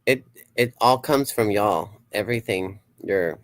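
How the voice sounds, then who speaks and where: A man's voice: on the low side, measured pace, no echo. A man hosting a casual livestream as a psychic, rambling and swearing freely, laughing often and reading viewer comments aloud. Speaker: psychic streamer host.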